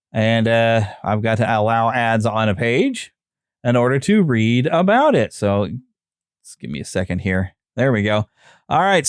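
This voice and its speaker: A man of middle pitch hosts his podcast in a loose, chatty way, often pausing on fillers while he reads notes aloud. The sound is close and dry, with no room echo. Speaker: podcast host. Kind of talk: casual solo podcast talk.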